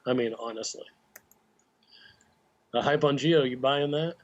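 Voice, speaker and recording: A man talking fantasy football picks over a video call, casual and opinionated. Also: a little high. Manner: casual, opinionated, says "like" often. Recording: muffled call audio with faint noise.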